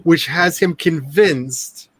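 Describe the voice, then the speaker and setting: A man's voice: on the high side, takes it slowly, slightly rough, no echo. A man hosting a writing stream, chatting casually and gushing with frequent laughter. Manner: animated, gushing, laughs often. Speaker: author and stream host.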